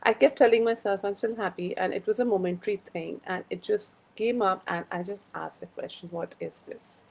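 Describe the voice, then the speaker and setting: A woman's voice: mid-range voice, fairly even intonation, a little fast, gravelly, a little mellow, poor audio. A woman hosting a casual live-stream chat, rambling through personal stories and greeting viewers by name. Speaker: host of a live wellbeing chat.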